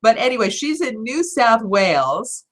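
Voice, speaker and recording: A middle-aged woman coaching on voiceover careers, answering viewer questions in a chatty, animated, self-deprecating way. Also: fairly high pitch, a little slow. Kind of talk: casual live Q&A talk.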